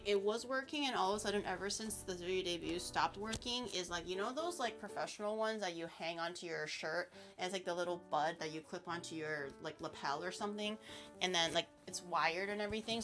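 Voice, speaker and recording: Chatty woman hosting a livestream. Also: medium pitch. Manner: chatty, many fillers, bubbly. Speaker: livestream host. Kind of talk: casual chat.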